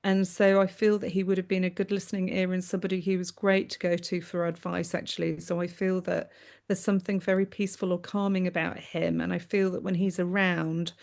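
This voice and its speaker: A woman medium on a video call, giving a live reading in a gentle, affectionate way. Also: lowish voice, level tone, a little fast, creaky. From United Kingdom. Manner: gentle, affectionate, often says "my darling" and "that's what I'm aware of".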